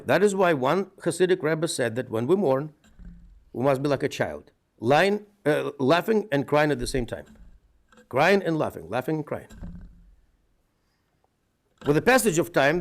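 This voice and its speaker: A middle-aged man with a Russian accent, speaking as a rabbi giving an earnest funeral eulogy with measured storytelling. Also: a little high, expressive.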